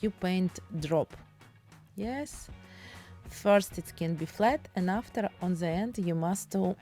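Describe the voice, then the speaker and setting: Slow-talking woman with Russian accent. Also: medium pitch, dark tone. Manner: broken English, chatty and explaining. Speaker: painting teacher. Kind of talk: casual painting tutorial.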